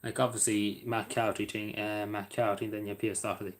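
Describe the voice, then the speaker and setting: There's a flat delivery to this Irish man's lowish voice as he casually addresses his stream audience. He hesitates a lot, wanders off topic, uses plenty of fillers, and keeps apologizing.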